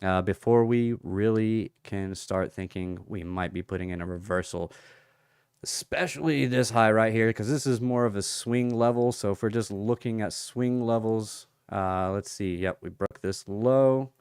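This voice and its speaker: A man with a lowish, smooth and clear voice hosts a relaxed livestream, taking his time as he greets viewers by name and thinks aloud over price levels. The sound is dry and close, with no room around it. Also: moderate pace, no room sound. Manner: chatty, reads out viewer comments and thinks aloud. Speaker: crypto livestream host. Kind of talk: casual livestream chart analysis.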